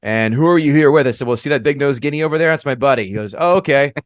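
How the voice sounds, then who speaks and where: A man's voice: medium pitch, very fast, clear, resonant tone, dry recording, clean studio sound. A man co-hosting a comedy sports betting podcast, reading a long list of bets and joking, a bit tongue-tied. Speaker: podcast co-host. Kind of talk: casual sports betting chat.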